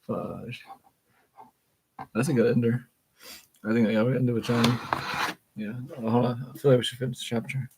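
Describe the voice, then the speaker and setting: A man's voice: medium pitch, level tone, normal speed, long pauses, darkish tone, slight background noise, low-quality recording. A man casually reading a book aloud, chatting, laughing and stumbling over words as he goes.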